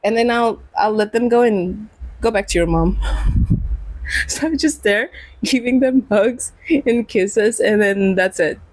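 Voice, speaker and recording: A woman's voice: mid-range voice, unhurried, darkish tone, no echo, poor audio. A woman streamer chatting casually while gaming, rambling and giggling often. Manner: giggly and rambling, with frequent laughs and restarts. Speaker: game streamer.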